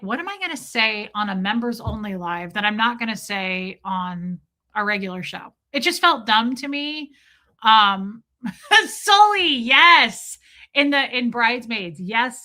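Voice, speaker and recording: A woman's voice: fairly high pitch, bright, forceful tone. A woman hosting a livestream, chatting casually in a blunt, profane, self-mocking way. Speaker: livestream host. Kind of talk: casual chat.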